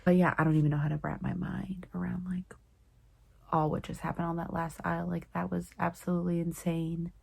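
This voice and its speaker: With a fairly low, creaky, darkish voice and little pitch movement, a young woman talks fairly quickly in her reading vlog. This book vlogger reacts emotionally, retells the plot loosely and frequently slips into a whisper in her casual commentary.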